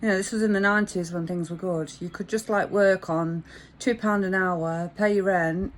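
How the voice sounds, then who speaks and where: A woman's voice: fairly low pitch, fairly even intonation, normal speed, a little hiss or hum. A woman, telling a rambling, frank anecdote in a chatty way. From English Midlands. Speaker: vlogger. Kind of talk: casual storytelling monologue.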